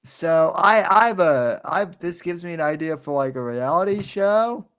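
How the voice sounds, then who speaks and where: A man hosting a podcast in casual chat, speaking haltingly with lots of restarts and a bemused tone. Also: fairly high pitch, expressive, a bit bright, smooth. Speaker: podcast host.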